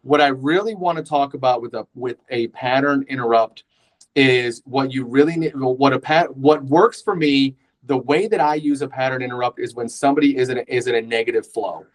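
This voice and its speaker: Brief: casual male sales trainer, mid-pitched, chatty, checks in often. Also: a little fast, low-quality recording. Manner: conversational, with frequent "right?" tags and restarts. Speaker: real estate sales trainer. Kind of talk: informal sales training talk.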